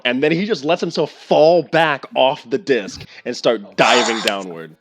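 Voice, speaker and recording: A man's voice: mid-range voice, a little slow, faint music behind. A man narrating as game master of a tabletop game, rambling with many fillers.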